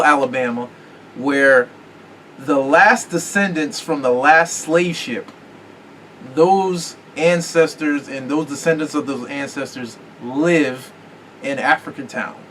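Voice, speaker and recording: A man hosting a podcast in loose, casual chat. He swears freely and keeps pausing to hunt for words. His voice sits a little high and sounds set back from the mic, with a faint hiss behind it. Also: a bit bright. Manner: rambling, profane, searches for words. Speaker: podcast host. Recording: distant mic with faint room noise.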